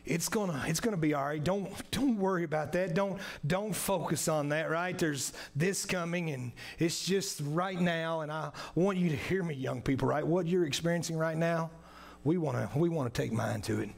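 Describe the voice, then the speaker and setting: A man's voice: on the high side, normal speed, creaky. A man preaching a sermon in a church, earnest and repetitive, often tagging his sentences with "right?". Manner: earnest, repetitive, frequent "right?" tag questions. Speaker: pastor. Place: church sanctuary.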